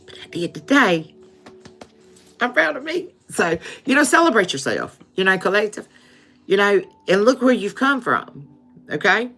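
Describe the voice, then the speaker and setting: A woman's voice: lowish voice, a bit bright. A woman giving a live-stream tarot reading, addressing her viewers as "collective" and checking in with "okay?" often. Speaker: tarot reader.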